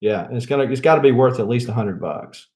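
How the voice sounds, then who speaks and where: A comic book channel host from Mississippi, with a Southern US accent, rambles casually while showing off a haul of comics. His mid-range voice is a little mellow, and he chuckles and draws out his fillers.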